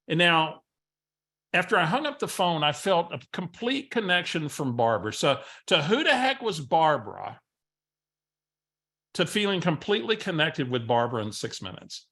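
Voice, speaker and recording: A man's voice: on the high side, very animated, moderate pace, sharp tone, breathy edge. A man presenting a coaching webinar as host, telling stories energetically with frequent filler sounds. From San Antonio area, Texas.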